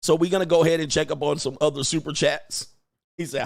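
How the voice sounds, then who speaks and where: A man hosting a livestream, reacting in casual commentary with drawn-out exclamations and chuckles. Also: a little high, fairly even intonation, creaky, background noise. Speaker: livestream host.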